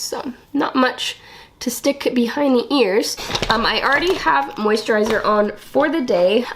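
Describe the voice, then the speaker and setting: A young woman getting over a cold, chatting casually through a makeup vlog with a cough drop in her mouth, full of "um" and "like". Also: on the high side. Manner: chatty, lots of "um" and "like". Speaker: beauty vlogger. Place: small temporary filming room indoors.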